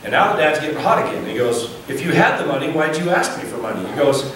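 A man's voice: on the high side, big pitch swings, quick pace, fairly bright tone. Man preaching in an echoey, noisy hall. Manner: acts out dialogue in a story. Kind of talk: sermon storytelling. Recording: echoey room from far off, noisy.

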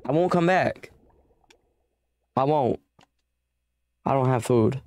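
Young man, gamer, frantic, pleading, bargaining, mid-pitched voice. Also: slow, darkish tone, no room sound. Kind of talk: let's play commentary.

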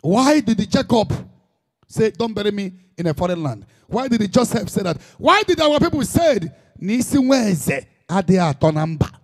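High-pitched impassioned Nigerian preacher man. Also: big pitch swings, moderate pace. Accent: Nigerian Igbo. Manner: impassioned, emphatic preaching with repetition. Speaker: pastor. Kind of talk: sermon.

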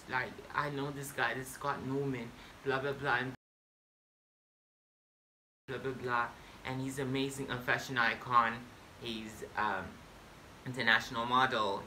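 A man vlogging a casual storytime monologue to camera, excitable and boastful, breaking into sudden loud swearing outbursts. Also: mid-range voice, a little hiss or hum.

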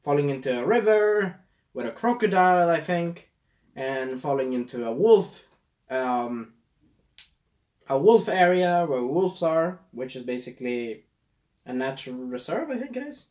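A man's voice: on the high side, very animated, a little slow, a little mellow. A man casually reviewing a movie, rambling and losing his train of thought, with a scratchy throat.

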